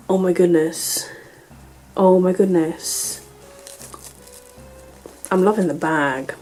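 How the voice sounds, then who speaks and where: A young British woman vlogging an unboxing and book haul, gushing and excitable, sometimes dropping to a breathy whisper of delight. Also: fairly low pitch, a little slow, long pauses, soft background music, poor audio.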